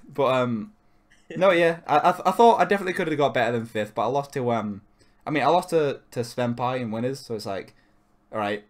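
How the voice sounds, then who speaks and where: A man's voice: mid-range voice, expressive, a little fast. A man co-hosting a podcast in casual chat, rambling and cutting himself off, with frequent swearing. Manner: rambling, self-interrupting, swears. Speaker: podcast co-host.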